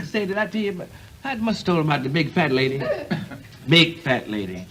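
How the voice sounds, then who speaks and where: Male stand-up comic, slightly high voice, rambling delivery, live club recording with audible room noise. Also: sing-song, normal speed, a bit bright. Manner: loose, rambling storytelling with chuckles. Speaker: stand-up comedian. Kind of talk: stand-up comedy routine. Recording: live comedy album with audience noise.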